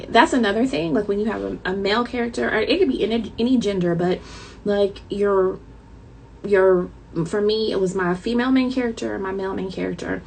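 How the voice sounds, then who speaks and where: A woman's voice: medium pitch, brisk, vocal fry, darkish tone, a little hiss or hum, poor audio. A woman author chatting casually to her viewers with a light Southern twang, dramatic and talkative, calling them y'all.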